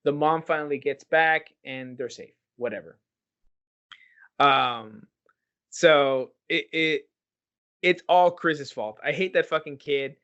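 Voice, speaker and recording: A man's voice: fairly high pitch, slow pace, long pauses, clean tone. A man casually retelling a horror movie plot on a podcast, swearing often and telling it with energy. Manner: swears a lot, animated storytelling. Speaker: podcast host. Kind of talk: casual chat. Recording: dull lo-fi podcast audio.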